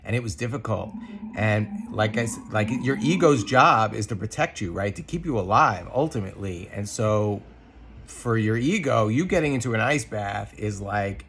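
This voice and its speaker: A man co-hosting a podcast, sharing a personal reflection in an earnest, thoughtful way, pausing often with ums and restarts. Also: fairly low pitch, animated, fairly bright tone, slight background noise. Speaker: podcast co-host.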